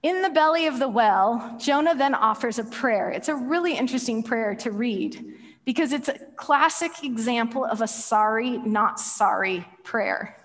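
In a church hall, a woman preaches a sermon, telling a story playfully with laughter and rhetorical questions. Her voice is fairly high and fairly bright, delivered at a moderate pace. The large hall gives a long reverb.

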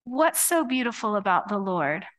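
A middle-aged woman pastor preaching a sermon to her church in a lively, conversational way, acting out quoted voices as she goes. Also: mid-range voice, normal speed. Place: church sanctuary.

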